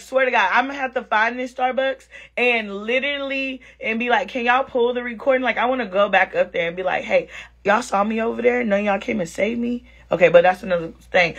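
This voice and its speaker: Chatting casually at home, a woman vlogger tells viewers a dating story straight to camera, animatedly acting out both sides of the conversation. She's slangy, calling viewers "girl" and "sis." Her voice is a little high, at a moderate pace.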